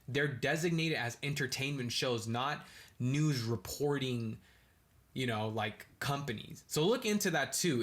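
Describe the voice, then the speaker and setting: Young male podcast host, solo, stoned, slangy and profane, rants in bursts and rambles off on tangents. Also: medium pitch. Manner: ranting, animated bursts. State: high. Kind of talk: casual rambling monologue.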